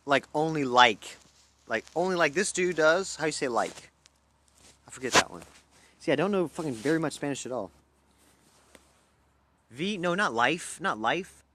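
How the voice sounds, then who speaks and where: A young man from Louisiana ranting on a livestream, cursing freely and leaping from one thought to the next. His voice sits a bit high for a man and swings widely in pitch. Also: animated, moderate pace, long pauses, slight background noise. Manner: profane, loud and erratic, jumping between topics. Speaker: livestream host. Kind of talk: rambling casual livestream chat.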